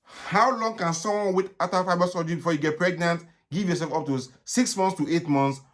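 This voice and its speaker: Nigerian male doctor, fairly high-pitched, fielding live questions, brisk and repetitive. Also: fairly bright tone. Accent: Nigerian English. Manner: brisk, repetitive advice with frequent "okay?". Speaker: gynaecologist answering live viewer questions. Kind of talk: live Q&A stream.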